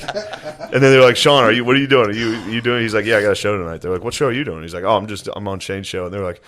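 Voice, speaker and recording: A man's voice: fairly low pitch, fast talker, background noise. A man in his thirties co-hosting a comedy podcast, telling stories in a joking, swearing, laugh-filled way. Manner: joking storyteller, swears freely, laughs often. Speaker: podcast co-host. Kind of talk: casual comedic podcast banter.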